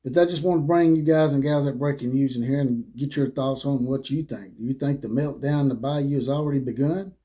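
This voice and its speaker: A man's voice: mid-range voice, fairly even intonation, brisk, few pauses, dark tone. Blunt man ranting about sports. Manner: blunt, swearing, mocking. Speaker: sports commentary host. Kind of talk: opinionated sports commentary.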